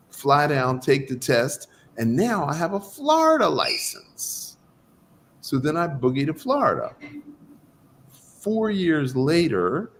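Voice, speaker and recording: Male guest practitioner recounting his past, lively, unhurried, acts out quotes. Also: mid-range voice, a little hiss or hum. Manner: animated, acts out quoted dialogue. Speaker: guest doctor of Chinese medicine. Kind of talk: storytelling in an interview.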